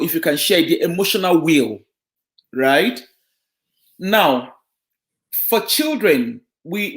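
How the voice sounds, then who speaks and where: A man who works as a children and family social worker, giving a community talk on parenting and often checking in with his listeners. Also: a little high. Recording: echoey room.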